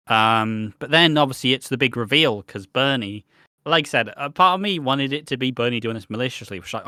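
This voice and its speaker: A man's voice: on the low side, brisk, sharp tone, no room sound, clean studio sound. A man co-hosting a podcast, rambling through a soap recap and swearing freely. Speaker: podcast co-host. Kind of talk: casual chat recapping a soap.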